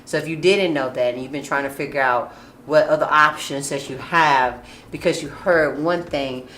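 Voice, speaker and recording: A woman hosts a casual talk show, her voice sitting a little low and laughter bursting through often. She talks loosely and frankly. The sound is echoey, with faint noise behind her. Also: moderate pace, a bit bright. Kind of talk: casual chat.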